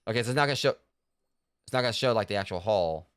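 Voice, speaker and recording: A man's voice: on the low side, animated, rapid-fire, smooth, no echo. Rambling man narrating his gameplay. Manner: rambling, heavy on fillers and restarts. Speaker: streamer playing a video game. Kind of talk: casual gameplay commentary.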